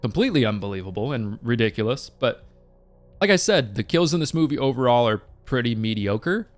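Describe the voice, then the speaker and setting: A man in his thirties hosting a casual movie review, talking in an animated, rambling way with laughing asides. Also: mid-range voice.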